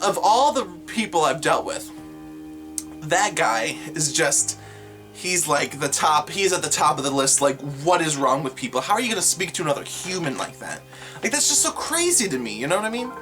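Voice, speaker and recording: Young adult vlogger, bright tone, exasperated and sarcastic storytelling to camera. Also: medium pitch.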